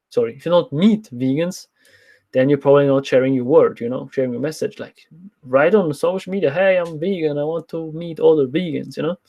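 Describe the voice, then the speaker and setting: A man's voice: on the high side, warm tone. A man from Switzerland with a Swiss accent, a fitness coach answering viewer questions in a candid, rambling livestream chat full of restarts.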